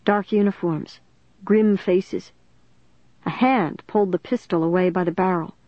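A reader narrating a suspense novel in the first person, with steady dramatic storytelling. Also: medium pitch, a little slow, no echo. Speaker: audiobook narrator. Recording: dry, dull lo-fi recording.

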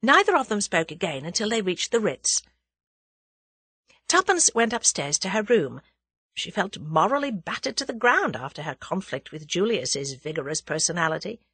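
A woman narrating a novel as an audiobook in a measured, expressive reading. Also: medium pitch, breathy edge, no room sound. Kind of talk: scripted narration.

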